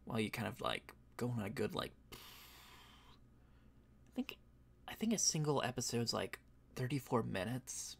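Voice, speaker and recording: A man who voice acts, chatting casually on a stream, rambling with fillers and soft laughs, a bit tired and yawning. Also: mid-range voice, expressive, moderate pace, creaky, pauses often, slightly rough. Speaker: voice actor and streamer.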